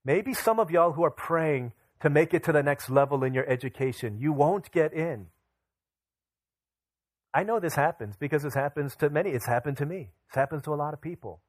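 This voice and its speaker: A man, a father of young children, preaching a sermon, rising louder and higher on his key points and dropping soft and low when he tells a story. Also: animated, fairly quick, no echo. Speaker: pastor.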